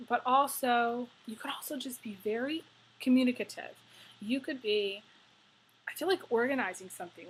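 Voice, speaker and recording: A woman's voice: medium pitch, slight background noise, poor audio. A woman giving a tarot reading to camera, talking in a rambling, effusive way with many fillers. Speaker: tarot reader.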